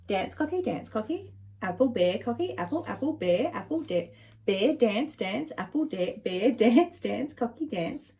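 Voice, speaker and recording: A woman voicing an excited young boy who wants a parrot, speaking in a repetitive, sing-song way. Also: a little high, measured pace. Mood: chirpy.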